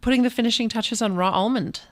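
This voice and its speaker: A woman's voice: fairly high pitch, quick pace. Chatty woman podcast co-host. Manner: chatty, laughs often, lots of "um" and "uh" while sharing event details. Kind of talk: casual chat.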